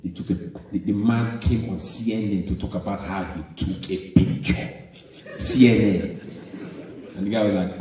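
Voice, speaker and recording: Nigerian man, stand-up comic, animated storyteller, mellow voice, echoey hall. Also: lowish voice, moderate pace. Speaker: stand-up comedian. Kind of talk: live stand-up comedy. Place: live venue hall. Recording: echoey live hall, distant mic.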